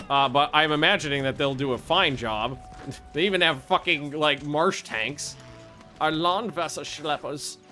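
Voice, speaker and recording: A man casually commenting on his own strategy game play, excitable, swearing freely and thinking aloud with restarts. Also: fairly high pitch. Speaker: gaming video host.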